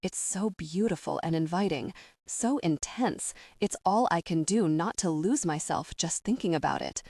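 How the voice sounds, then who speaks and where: A woman voicing an intense, commanding man in a romance audiobook, speaking slowly in a low murmur. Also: darkish tone, no echo. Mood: intimate. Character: intense commanding man, a Navy SEAL lover.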